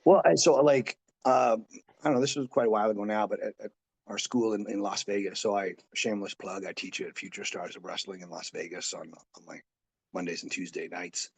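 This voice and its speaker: A man's voice: fairly low pitch, steady tone, a little fast, vocal fry, slightly rough. A man in his forties, a pro wrestler and coach, telling rambling stories in a casual interview, full of fillers and asides.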